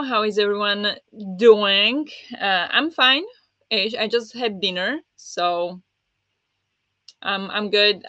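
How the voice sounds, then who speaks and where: A woman's voice: mid-range voice, a bit bright, no room sound. A woman hosting a live book discussion stream, chatting casually and greeting viewers by name with lots of ums. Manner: chatty and friendly, many ums, answers chat by name. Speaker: livestream host of a book readalong. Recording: dull lo-fi mic, dry.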